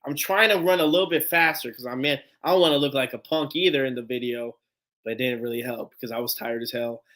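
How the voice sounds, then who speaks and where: This sports fan show host, a man with a medium-pitched voice, talks quickly on a live stream. He tells a rambling, animated story, cursing freely and laughing as he goes.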